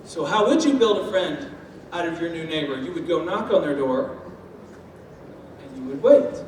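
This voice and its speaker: Speaking on step parenting to an audience, a high-voiced man keeps a moderate pace and a lively manner, using homely food analogies and acting out quotes. He's recorded from far off in an echoey hall, with faint ambience and a little hiss or hum.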